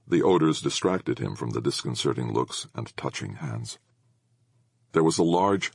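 A man narrating an audiobook with expressive storytelling. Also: extremely low pitch, gravelly, breathy edge, no echo, clean studio sound.

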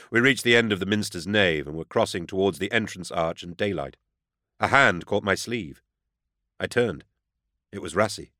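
A man reads a first-person audiobook in a steady, even manner. His voice sits low, and the recording is dry and close with no room sound. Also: moderate pace, no echo. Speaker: audiobook narrator.

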